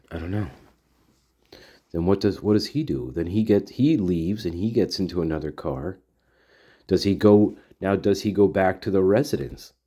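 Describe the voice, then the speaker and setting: A man with a deep, low-pitched voice and a mellow, dark tone, speaking in a loose, rambling monologue. He circles back over the same phrases as he thinks out loud and talks directly to his audience. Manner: rambling, repeats himself, thinks aloud; talks straight to his listeners. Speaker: podcast host. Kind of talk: casual monologue.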